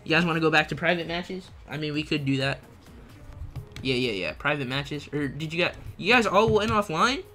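Bright-voiced young man chatting with his stream. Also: a little high, normal speed, faint music behind. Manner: slangy, laughs often, reads chat aloud. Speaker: gaming livestreamer. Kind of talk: casual live-stream chat.

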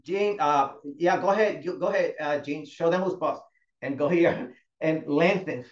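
A man leads a fitness class, counting holds and praising each student by name. His voice sits a little high. The sound is roomy and somewhat muffled, like a video call. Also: normal speed. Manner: encouraging, calls students by name. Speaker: fitness instructor. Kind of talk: live class instruction. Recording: echoey, dull lo-fi room sound.

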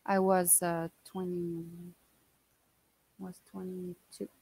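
A woman in her twenties telling a personal story in an interview, animated and blunt, often quoting what people said. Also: lowish voice, takes it slowly, slightly rough, no echo, low-quality recording. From Canada. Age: 20s. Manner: animated, quotes others often, swears casually. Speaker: guest.

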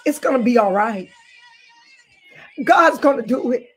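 A woman's voice: on the high side, animated, unhurried, breathy edge, faint music behind. A woman pastor preaching a fervent online sermon full of repeated declarations, tearful and near crying at times. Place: online service, speaking to a screen.

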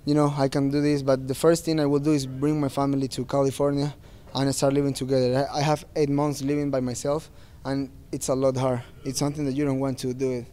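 A man's voice: medium pitch, flat delivery, fast talker, few pauses, dark tone, smooth. A man speaking as a fighter at a post-fight press interview, earnest and plain-spoken, with non-native phrasing.

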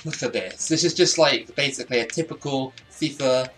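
A young man casually commenting on his gameplay, chatty and self-deprecating, laughing often and bursting out excitedly at goals. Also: mid-range voice, a little fast, soft background music. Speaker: gaming YouTuber.

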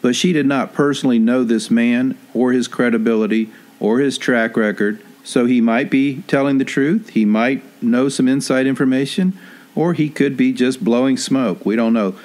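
A man hosting an online commentary show, speaking in a measured, cautionary way. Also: mid-range voice, a little mellow. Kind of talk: scripted commentary.

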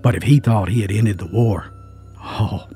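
A man with a fairly low voice narrates a grim tale in a suspenseful, folksy storytelling manner. He punctuates the story with emphatic little asides, and soft music plays faintly underneath. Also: moderate pace. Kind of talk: dramatic scripted narration.

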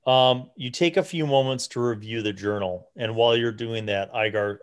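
A man narrating a tabletop role-playing game as game master, in a relaxed way with many restarts and fillers. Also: medium pitch, moderate pace, few pauses.

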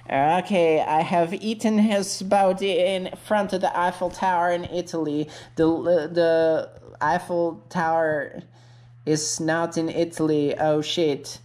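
Slow, deadpan woman rambling absurdly. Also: lowish voice. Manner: rambling, deadpan, crude, full of fillers. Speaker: creator of a parody video. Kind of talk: absurd comedic narration.

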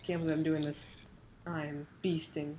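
A woman with a notably deep voice for her sex talks over live gameplay, jumpy and excitable. She fires off quick exclamations and swaps swearing for silly made-up oaths. A faint hiss sits under her voice. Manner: self-censoring, silly minced oaths. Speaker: gameplay commentator.

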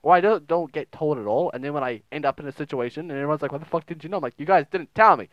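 A man's voice: a little high, racing, dry recording, lo-fi sound. A young man giving casual, crude, joking commentary while playing a game, often reading messages aloud in silly voices. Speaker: gaming video host. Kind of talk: casual let's play commentary.

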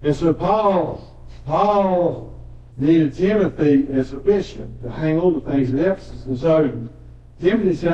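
Pastor preaching, folksy and joking, echoey room, kinda far from the mic. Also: male voice, fairly high pitch, measured pace. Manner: folksy storytelling preacher, joking asides, repeats words. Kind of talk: sermon. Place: church sanctuary. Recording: dull echoey church recording from a distance.

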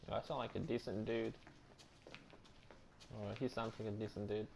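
A young man doing casual let's-play commentary on a horror game, loud, joking and slangy. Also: fairly low pitch, flat delivery, moderate pace, vocal fry, slight background noise. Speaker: gameplay streamer.

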